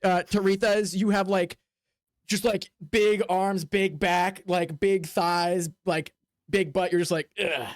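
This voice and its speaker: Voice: mid-range voice, level tone, takes it slowly, no room sound, studio quality. Rambling, casual game master. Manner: casual, rambling, many fillers. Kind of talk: narrating a tabletop game.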